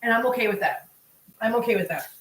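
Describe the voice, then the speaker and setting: Hosting a casual cooking stream from her home kitchen, this woman talks fast in a slightly high voice with lively intonation, emotionally thanking her viewers as she cooks. The audio is poor and reverberant.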